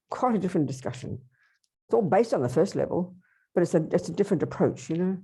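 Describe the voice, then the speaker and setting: Woman Buddhist teacher, low mellow voice, animated workshop delivery, questions to the room. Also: husky. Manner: lively, acts out inner voices and asks the audience questions.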